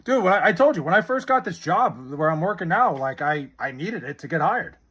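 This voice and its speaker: A man's voice: on the high side, sing-song, a little fast, fairly bright tone, breathy edge. A young man streaming live, chatting casually and bluntly with his chat, swearing a lot as he answers their questions.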